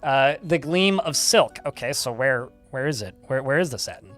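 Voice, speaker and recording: A man's voice: mid-range voice, lively intonation, moderate pace, a bit bright, soft background music. A man giving casual live gameplay commentary, chatting, reading game text aloud and swearing casually. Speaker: game streamer.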